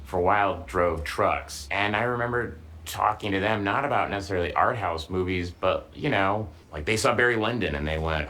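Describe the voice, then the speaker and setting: A man on a podcast quietly and amusedly recalling his family, laughing through the story. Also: on the low side, expressive, moderate pace. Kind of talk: podcast interview recollection.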